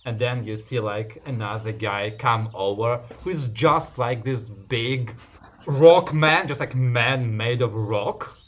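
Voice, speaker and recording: Bright-voiced man running a tabletop game. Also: medium pitch, slow pace. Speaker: game master. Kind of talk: narrating and voicing a tabletop game.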